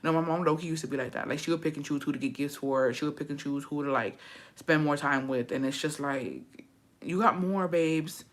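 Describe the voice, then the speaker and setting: A woman telling a story in a casual, gossipy way, swearing freely and getting animated as she talks. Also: low voice, brisk. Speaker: storytime vlogger.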